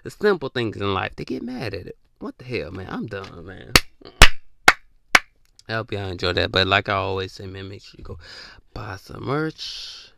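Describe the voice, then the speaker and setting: A man's voice: on the low side, lively intonation, moderate pace, gravelly, bright, forceful tone. A young man hosting a podcast, talking in a loose, rambling casual monologue full of slang and emphatic repeats. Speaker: podcast host.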